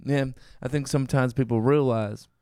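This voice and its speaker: A man's voice: mid-range voice, steady tone, normal speed, dark tone, smooth, no echo, clean studio sound. A man co-hosting a podcast in loose, profane casual chat. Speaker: podcast co-host.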